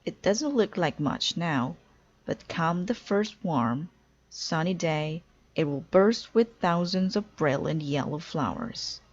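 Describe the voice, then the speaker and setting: Calm patient mama bear, a woman reading her lines, slow and soothing, kinda muffled. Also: lowish voice. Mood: gentle. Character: gentle, patient mother bear.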